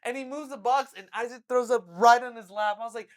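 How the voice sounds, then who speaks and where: A young adult podcast co-host telling a story in casual chat, animated and full of swearing, acting out quotes loudly. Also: mid-range voice, fast talker.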